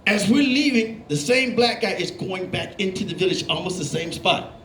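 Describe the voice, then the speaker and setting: A man doing a stand-up comedy set, telling animated stories and acting out the voices of the people in them. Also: high voice, moderate pace, slight background noise. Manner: animated storytelling, acting out voices, laughing along. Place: comedy club stage. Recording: roomy club with live audience. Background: audience laughing.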